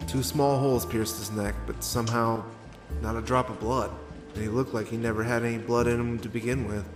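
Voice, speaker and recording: A man narrates in a first-person noir style as a weary, gruff detective, his voice mid-pitched and grumbling. He curses casually. Music plays clearly under him. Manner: world-weary, gruff, cursing.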